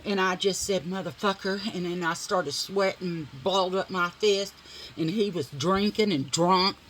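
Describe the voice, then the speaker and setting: A woman's voice: lowish voice, unhurried, slight background noise, low-quality recording. A middle-aged woman vlogger telling a dramatic story while doing her makeup, blunt and full of swearing.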